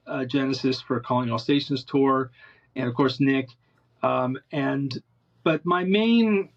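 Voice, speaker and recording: A male musician telling animated anecdotes in an interview, rambling with many restarts. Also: mid-range voice, muffled recording. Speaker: interview guest, musician and producer. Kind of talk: casual storytelling in an interview.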